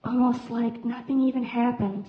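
A young woman playing a grieving young woman who speaks softly through tears in a halting way. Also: fairly high pitch, steady tone, close to an everyday voice. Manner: soft, halting, slow. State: tearful. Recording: echoey room, slightly muffled.

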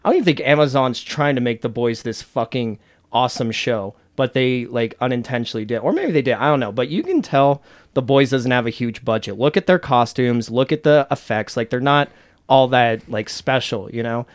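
A man co-hosting a podcast in casual chat, talking in an excitable, emphatic and profane way. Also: mid-range voice, brisk. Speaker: podcast co-host.

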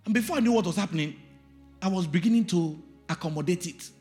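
A man, a pastor, preaching a sermon with shouted lines and sing-song call-and-response. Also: high-pitched, fast talker, soft background music.

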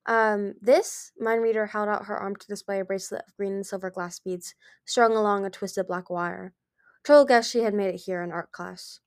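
A woman narrating a fantasy novel aloud in a soft, even reading voice with small slips. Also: medium pitch, fairly quick, dry recording, clean studio sound. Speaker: audiobook reader. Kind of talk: storybook narration.

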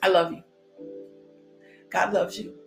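A woman preacher closing a devotional message with fervent exhortations, exclamations and drawn-out blessings. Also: fairly low pitch, level tone, gravelly, echoey room, soft background music.

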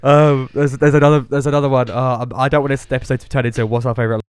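Brief: young male co-host, smooth clear tone, dry close mic, loose rambling chat with frequent laughs. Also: mid-range voice, little pitch movement, rapid-fire, no echo. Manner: laughs a lot, rambling with restarts and swearing. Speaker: podcast co-host. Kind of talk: casual chat.

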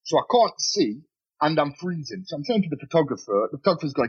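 Husky, animated young man. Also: a little high, fast, lo-fi sound. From Nottingham, England. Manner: swears freely, animated storytelling with laughs. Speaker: podcast guest, model. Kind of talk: casual chat. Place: bedroom.

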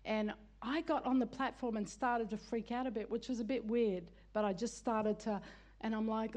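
A middle-aged woman preaching a sermon, telling lively family stories with laughter and building into emphatic calls of "come on". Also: fairly high pitch, normal speed.

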